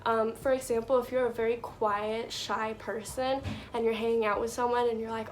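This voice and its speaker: A woman's voice: fairly high pitch, level tone, moderate pace, a little hiss or hum. A young woman giving casual life advice to her viewers, chatty and full of "like" and "you know".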